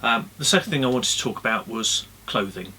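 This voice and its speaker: A man giving casual puppetry tips in a relaxed, friendly way with many ums, recorded indoors on a camera-mounted mic. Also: on the low side, a little fast, breathy edge. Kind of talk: casual instructional talk.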